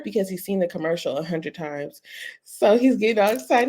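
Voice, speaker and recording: Podcast co-host: woman in her 30s, lively anecdotes. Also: fairly low pitch, normal speed. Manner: animated storytelling, laughs often. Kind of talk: casual chat.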